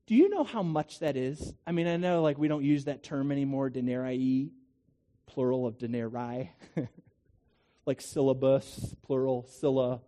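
A man's voice: a little high, mellow. A man preaching a sermon to a congregation, talking in a conversational way with rhetorical questions and asides. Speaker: pastor.

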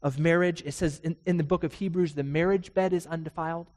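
A man's voice: fairly high pitch, fairly even intonation, fast talker, a little mellow. An earnest male pastor preaching to his congregation, his slightly raised voice carrying long reverb through a church sanctuary. He presses the listener with rhetorical questions and stretches out key words for weight. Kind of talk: sermon.

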